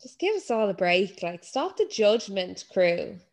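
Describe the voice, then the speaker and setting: A woman in casual chat as a co-host, ranting in an animated way, swearing often and mimicking other people in high, mocking voices. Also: a little slow.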